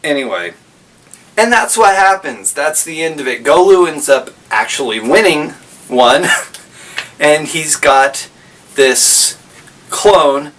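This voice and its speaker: A man's voice: on the high side, animated, slow pace, pauses often, a bit bright, far from the mic. A man casually recapping a story, rambling and correcting himself as he goes.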